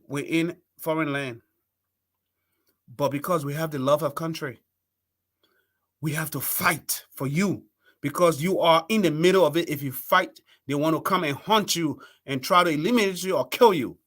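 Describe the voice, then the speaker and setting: Liberian man, talk show host, impassioned, bright edgy voice, fairly high. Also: a little slow, long pauses. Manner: impassioned, preachy appeals to viewers. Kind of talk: live political commentary.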